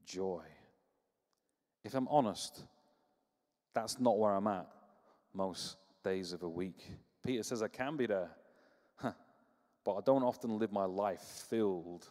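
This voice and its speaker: A man preaching a sermon, telling stories with humor and lively energy. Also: low voice, long reverb tail. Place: church.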